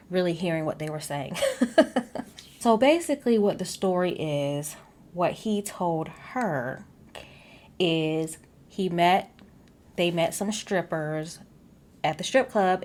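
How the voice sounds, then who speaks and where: A woman casually recapping a reality show episode, sassy and animated, with asides straight to her viewers. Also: fairly low pitch. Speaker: recap vlogger.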